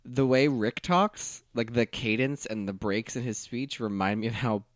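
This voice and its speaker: A man co-hosting a movie podcast, reacting excitably and cracking jokes in casual chat. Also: mid-range voice, moderate pace, no room sound, studio quality. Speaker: podcast co-host.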